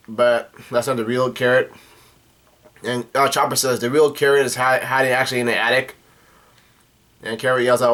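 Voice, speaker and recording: A man's voice: mid-range voice, flat delivery, moderate pace, pauses often, a bit bright. A man casually recapping a manga chapter, with many "uh" fillers and restarts. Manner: rambling, full of "uh" fillers and restarts. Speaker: manga reaction host.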